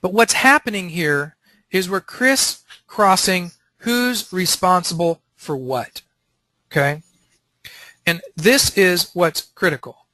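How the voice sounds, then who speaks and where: Animated man teaching, bright and dry. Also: sits high, slow, dry recording. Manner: animated, acts out quotes. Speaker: teacher leading a panel. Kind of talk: Christian teaching session.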